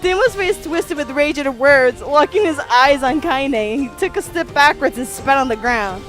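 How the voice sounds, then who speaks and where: High-voiced woman streamer reading a game story. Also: moderate pace, faint music behind. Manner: expressive, laughs and comments on the story. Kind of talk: reading game story text aloud with reactions.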